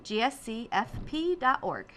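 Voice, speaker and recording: Bright, upbeat woman interview guest. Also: fairly high pitch, sing-song, unhurried, a little hiss or hum. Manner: upbeat, agreeable, promotional. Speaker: fundraising director, guest.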